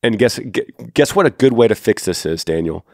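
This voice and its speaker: A man's voice: on the low side, animated, a little fast, a little mellow, dry recording, studio quality. A man in his thirties with a Texan accent, hosting a faith-based advice podcast and speaking earnestly and directly to a listener. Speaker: podcast host.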